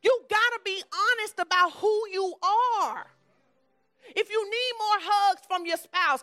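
High bright-voiced woman preaching bluntly. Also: measured pace, no echo, faint music behind. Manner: emphatic and blunt, shifting to soft and low. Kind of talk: conversational sermon.

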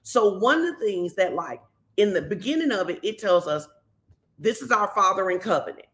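A woman pastor, giving a conversational sermon and telling stories lively, acting out the quotes. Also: medium pitch, moderate pace. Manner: animated storytelling, acts out quotes.

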